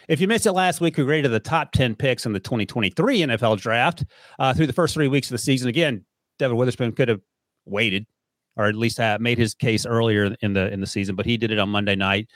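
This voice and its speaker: A man's voice: medium pitch, animated, fairly quick, dry recording, studio quality. A man hosting a football podcast, joking with his co-host and plugging the show in a casual chat. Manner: upbeat, joking, plugs the show.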